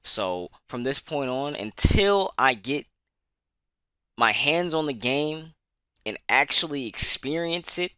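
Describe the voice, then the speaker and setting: Bright-voiced man ranting with profanity. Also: mid-range voice, expressive, slow pace, clear, resonant tone, no echo, studio quality. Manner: profane, emphatic, repetitive. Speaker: gaming commentator. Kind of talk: angry ranting monologue.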